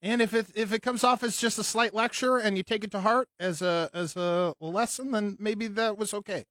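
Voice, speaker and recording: High-voiced male radio co-host. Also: normal speed, fairly bright tone, no echo. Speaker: radio morning show co-host. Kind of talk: live morning radio banter.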